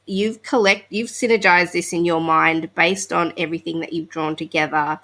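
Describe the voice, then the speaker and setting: A woman's voice: fairly low pitch, fairly even intonation, normal speed, a bit bright. A woman hosting a podcast interview, summing up her guest's work before asking thoughtful questions. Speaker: podcast host.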